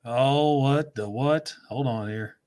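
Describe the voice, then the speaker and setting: A man with a Southern US accent hosting a casual chat, telling stories quickly and laughing often. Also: medium pitch, a little mellow. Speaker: host.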